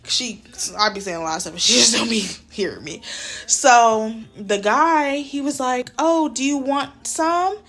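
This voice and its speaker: A young woman, a flight attendant, chatting casually in an animated, slangy vlog while walking through a hotel room with a handheld phone. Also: on the high side, normal speed. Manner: animated storytelling, slangy, says "y'all".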